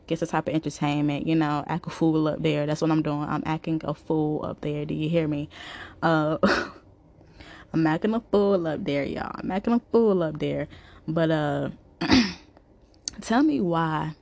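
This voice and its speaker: A woman's voice: low voice, creaky. A young adult woman vlogger, telling a story to her viewers in a casual, emphatic way that repeats itself for effect. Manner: animated, repetitive, emphatic.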